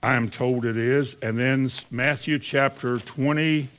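A man's voice: medium pitch, steady tone, normal speed, fairly bright tone. A man in his seventies preaching a conversational sermon, full of rhetorical questions and wide swings in delivery. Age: 70s.

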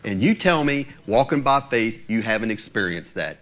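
A man preaching a sermon to his congregation, emphatic and animated, speaking to them directly. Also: lowish voice, normal speed. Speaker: pastor.

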